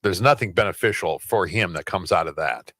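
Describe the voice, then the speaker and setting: A man's voice: low voice, animated, a little fast, bright, forceful tone, no echo, studio quality. A man who hosts a radio show, chatting casually and emphatically about politics. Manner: emphatic, rhetorical. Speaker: radio host.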